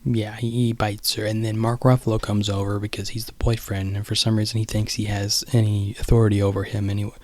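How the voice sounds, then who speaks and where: A man's voice: on the low side, flat delivery, fairly quick, hardly any pauses, dry recording. A man casually rambling through a film retelling, full of "you know" and "like".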